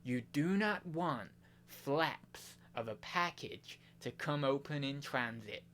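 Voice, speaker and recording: A man's voice: mid-range voice, lively intonation, a bit bright, a little hiss or hum. A man doing a put-on American accent, playing a mock-serious man explaining step by step how to pack a parcel. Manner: slow, over-explaining, mock tutorial tone.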